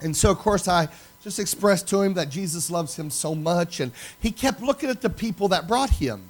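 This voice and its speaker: High-voiced animated preacher man. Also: moderate pace. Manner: animated storyteller acting out dialogue. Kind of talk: sermon storytelling.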